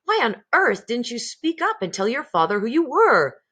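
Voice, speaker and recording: A woman doing a gentle, composed grandmother. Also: fairly high pitch, very animated, normal speed, pitched above the performer's own voice. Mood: warm. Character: kind, patient elderly grandmother.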